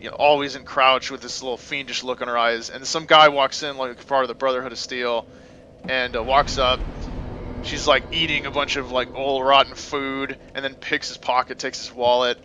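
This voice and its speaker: A man's voice: medium pitch, little pitch movement, normal speed, sharp tone, muffled recording, slight background noise. A man co-hosting a gaming video, telling rambling stories with lots of uhs and restarts. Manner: rambling storyteller, many fillers and restarts. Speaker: co-host of a gaming let's play. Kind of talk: casual gaming chat.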